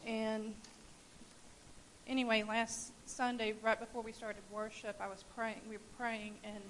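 A woman giving a personal testimony at a church service, telling her story in an animated way and laughing at times. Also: on the high side, measured pace, rough recording. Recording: faint hiss.

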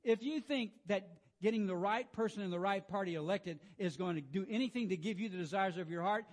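High-voiced man preaching. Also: a little fast, few pauses. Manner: reads scripture softly, then exhorts with rising emphasis; frequent throat clearing and restarts. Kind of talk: devotional sermon with scripture reading.

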